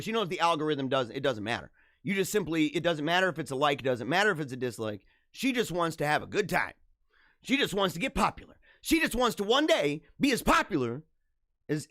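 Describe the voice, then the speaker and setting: A man hosting a live show, giving casual, jokey commentary in an animated, ranting way and laughing often. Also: fairly high pitch, dry recording, studio quality.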